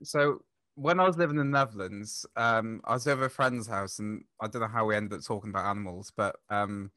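Casting: male podcast guest, bright tense tone, close dry sound, explains patiently. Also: fairly low pitch, fairly quick, no room sound. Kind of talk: casual podcast chat.

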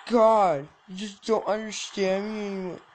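A gaming channel host giving casual, joking let's-play commentary, with sudden loud yelps and self-mocking asides. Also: mid-range voice, fairly even intonation, moderate pace, slight background noise, low-quality recording.

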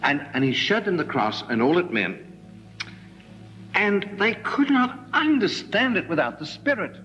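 A man preaching a sermon, animated, with ironic asides and emphatic rises. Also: sits high, measured pace, dull audio, soft background music. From Australia.

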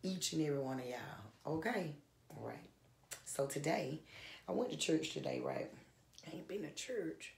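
A woman singer chatting casually to her fans in an effusive, soft-spoken way, often calling out to them directly. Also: sits low, expressive, moderate pace, vocal fry. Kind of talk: casual vlog chat. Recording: roomy echo with faint guitar behind.

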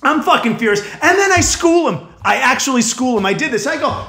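A man telling a profane story as a stand-up comedian, animated and building to yelling. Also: very high voice, fast, few pauses. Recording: echoey room.

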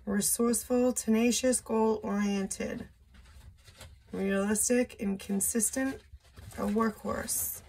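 A woman doing a casual solo tarot reading, slow and musing, thinking aloud with blunt asides. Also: medium pitch, fairly even intonation, a little mellow, husky. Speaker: tarot reader. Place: indoor room with a window.

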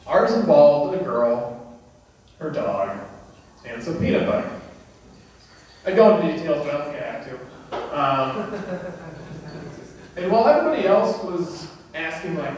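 A young man doing a stand-up comedy set on a club stage, moving from deadpan delivery into shouted mock rants. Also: fairly high pitch, moderate pace, pauses often, recorded from a distance. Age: young adult. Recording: very echoey club room from afar.

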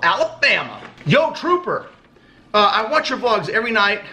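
Vlogger, male, high bright voice, loose and profane, reads fan mail aloud. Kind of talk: casual unboxing chat.

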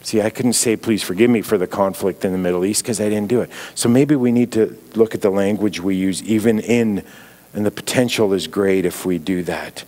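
A middle-aged man with a Canadian accent speaks from the pulpit in a slightly low voice. His sermon is earnest and reflective, and he drops softer when he quotes a phrase. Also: brisk. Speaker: guest speaker.

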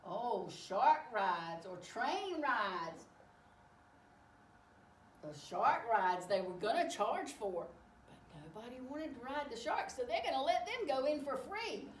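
A woman tells a children's story as a storyteller, slow and expressive, with her pitch rising and falling freely. The mic sits some distance away in a roomy, echoing space, and a faint hiss runs underneath. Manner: animated and expressive. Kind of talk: picture-book read-aloud for children.

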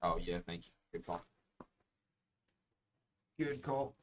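Hosting a live-streamed card break, a young man with a low, expressive voice talks slowly. He chats casually and calls out each card as he opens the packs.

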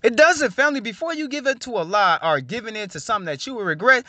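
A man giving a preachy motivational blessing talk, repeating "family" over and over and swinging between loud and soft. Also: high voice, huge pitch swings, fast talker, few pauses, no room sound. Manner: repetitive, calls listeners "family" constantly, swings loud and soft. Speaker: online inspirational speaker.

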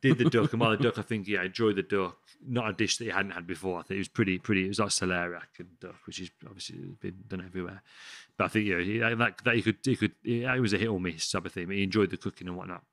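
This chef, a podcast guest from England's West Midlands, talks fast with few pauses in a deep, fairly bright voice with fairly even intonation. Recorded dry in a studio, his casual story rambles along with lots of swearing and restarts.

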